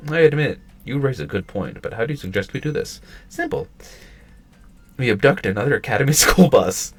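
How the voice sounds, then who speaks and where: A man's voice: medium pitch, breathy edge. A man reading aloud in a raised, drawling voice as a lazy, sly schoolgirl who leads the club. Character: lazy, scheming older schoolgirl, president.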